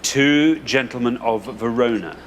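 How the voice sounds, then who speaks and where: A man with an English accent hosting a quiz show, brisk and upbeat, building suspense before each reveal. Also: mid-range voice. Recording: studio audience and background noise.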